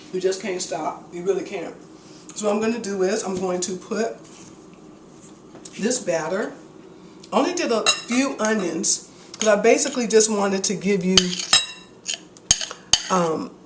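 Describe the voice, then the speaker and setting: A woman's voice: on the low side, background noise. A woman hosting a casual home cooking video, chatty and enthusiastic as she demonstrates a recipe in her kitchen. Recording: echoey kitchen with dish clatter.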